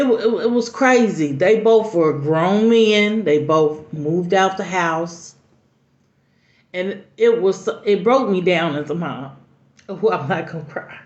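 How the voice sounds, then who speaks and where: A middle-aged mother telling a personal story in an earnest, halting way with many restarts. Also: mid-range voice. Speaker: mother sharing advice. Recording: roomy, dull lo-fi recording.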